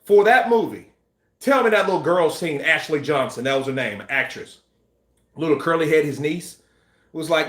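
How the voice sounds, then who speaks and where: A man hosting a boxing news channel, chatting casually and acting out scenes with shouts and sound effects. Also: fairly high pitch, expressive, fairly quick, echoey room. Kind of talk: casual live-stream chat.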